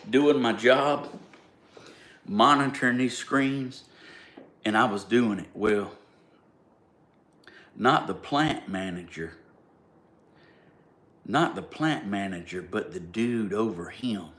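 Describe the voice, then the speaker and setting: A man's voice: mid-range voice, a bit bright. A man with a Southern US accent telling a story in a blunt, plainspoken, indignant way. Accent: Southern US (Georgia). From Southern United States. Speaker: vlogger. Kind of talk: casual storytelling.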